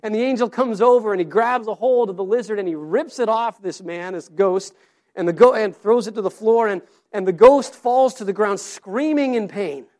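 A man's voice: high voice, moderate pace, darkish tone. A man preaching a sermon, earnest and story-driven, often repeating his words as he goes. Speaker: pastor.

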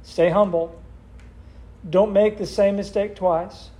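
Man with a high voice who teaches a church group by firing questions at them. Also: fairly even intonation, slow pace, dark tone. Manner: asks the group questions, repeats answers back. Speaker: Bible study leader. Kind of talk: interactive Bible study teaching.

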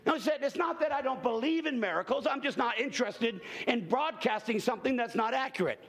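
A man preaching a sermon as a travelling evangelist to a church congregation, telling folksy stories with jokes and bursting into shouts. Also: very high-pitched, expressive, a little fast, crowd noise.

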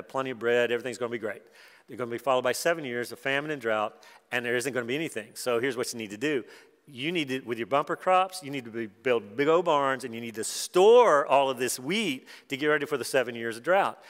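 A man's voice: medium pitch, a bit bright, in a large hall. A man preaching a sermon, retelling a Bible story in a conversational, folksy way with asides.

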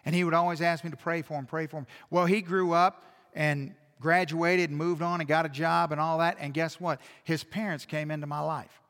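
Storytelling pastor in a reverberant church. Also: male voice, a little high, brisk. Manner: animated storytelling, dropping to a hush then building loud. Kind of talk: sermon. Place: church sanctuary. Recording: long reverb in a church hall.

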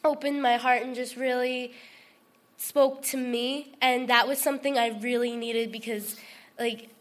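A woman's voice: on the high side, steady tone, a little slow. A woman giving a heartfelt personal testimony to a group, rambling with lots of fillers and restarts. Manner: earnest and emotional. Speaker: testimony speaker.

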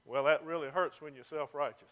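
A man, a pastor preaching a sermon, who reads scripture loudly and then drops low and mocking to make his points. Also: fairly even intonation, fairly quick, phone-quality sound.

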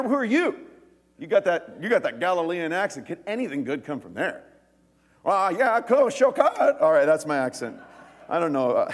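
A male pastor delivers a sermon in a casual, animated style, tossing in jokes and asides. His voice sits a little high and swings widely in pitch. The sound carries a long reverb from a large hall. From United States. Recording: echoey hall.

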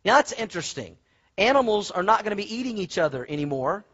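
A man preaching a sermon, animated and folksy, telling stories with asides to the congregation. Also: high voice, quick pace, slightly rough, muffled recording. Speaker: pastor.

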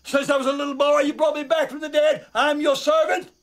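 A desperate preacher crying out to God, his voice pushed very high as he begs and hollers. He sounds raw and wrung out, shifting between pleading and shouting in a film drama scene. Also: level tone, a little fast. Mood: anguished. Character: anguished male preacher shouting at God at night.

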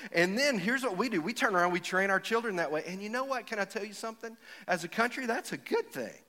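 Middle-aged male preacher, folksy storyteller, bright sharp voice with a touch of extra pitch. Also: lively intonation, quick pace. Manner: folksy storytelling, rising to emphatic, builds up to jokes. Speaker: pastor. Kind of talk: sermon. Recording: echoey hall with long reverb.

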